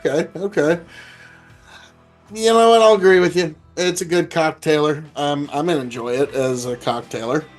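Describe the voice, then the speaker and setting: A man hosting a casual whiskey review chat, grading a bottle in slow, deliberate phrases. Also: on the high side, faint music behind. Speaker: host of a whiskey review show.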